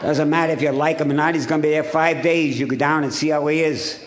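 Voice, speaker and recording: A man from Ohio telling his recovery story to a meeting, blunt and gruff, swearing freely as he acts out the scenes. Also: on the high side, steady tone, quick pace, noisy background. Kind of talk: storytelling talk to an audience.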